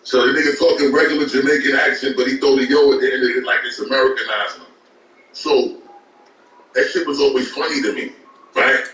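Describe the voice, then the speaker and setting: A man's voice: mid-range voice, steady tone, fast talker, pushed and bright, reverberant, far from the mic, rough recording. A man from Brooklyn, telling a long, profane, rambling story as a guest. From Brooklyn, New York. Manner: profane, rambling, repeats words at restarts. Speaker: guest rapper. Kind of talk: casual storytelling.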